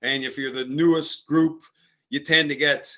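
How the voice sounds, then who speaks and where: A man's voice: a little high, fairly even intonation, unhurried, pushed and bright. Rambling French Canadian man telling stories. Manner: rambling, frequent "eh" and "man" fillers. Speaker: podcast host. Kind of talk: casual storytelling.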